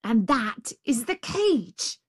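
A woman voicing a savage, impatient male tiger with a loud, bossy, blustering manner. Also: on the high side, sing-song, takes it slowly, breathy edge, no room sound, studio quality, voice pushed up, full character voice. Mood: lecturing.

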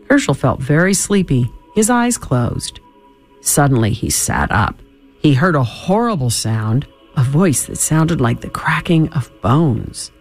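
A man reading a children's storybook aloud, with expressive, dramatic storytelling. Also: on the high side.

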